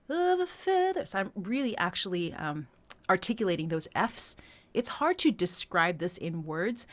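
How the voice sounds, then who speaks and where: A woman vocal coach talking through a singing lesson, explaining phrasing step by step in a conversational way with some fillers. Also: on the low side. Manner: explains phrasing step by step, breaking into sung demonstrations; conversational with frequent fillers and restarts.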